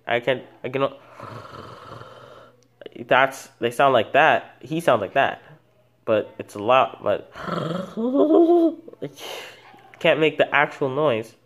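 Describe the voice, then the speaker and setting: A man's voice: mid-range voice, a bit bright. A man hosting an animal video channel, talking casually off the cuff, rambling with many false starts and self-corrections. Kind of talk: casual unscripted animal talk.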